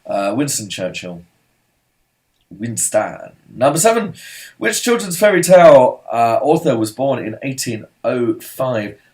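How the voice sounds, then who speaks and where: A man's voice: medium pitch, very animated, normal speed, a little mellow. A man hosting an online pub quiz, reading out answers in a chatty, rambling way with lots of asides and fillers.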